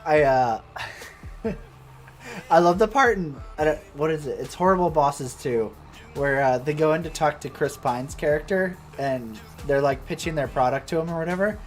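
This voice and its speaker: A man's voice: fairly high pitch, moderate pace, soft background music. A man streaming a farming game, chatting casually and swearing freely with co-players. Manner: profane, rambling banter. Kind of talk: casual gameplay chat.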